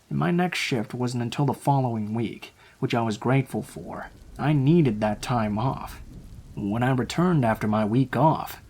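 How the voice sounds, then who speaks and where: A man narrating true horror stories in a calm, low-key scripted reading. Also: husky.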